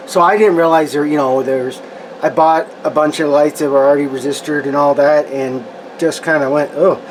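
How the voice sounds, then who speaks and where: A man's voice: fairly high pitch, a little hiss or hum, poor audio. A man talking casually to viewers while building scale models at his home workbench, rambling with restarts.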